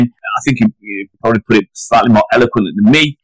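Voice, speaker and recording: A man's voice: brisk, few pauses, no room sound, low-quality recording. Heated man in podcast chat. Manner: animated, argumentative, rising pitch when heated. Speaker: podcast co-host. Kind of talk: casual football podcast chat.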